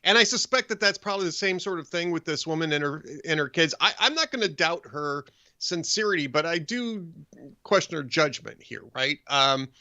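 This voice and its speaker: A man joining a talk radio discussion remotely, measured and hesitant with restarts, over a dull lo-fi line. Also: a little high, expressive, sharp tone. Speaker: remote guest co-host.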